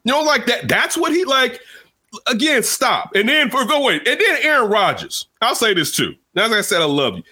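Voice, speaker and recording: A man hosting casual sports talk, animated and rambling, jumping from loud outbursts to low asides. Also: moderate pace, husky. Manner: rambling, restarts often.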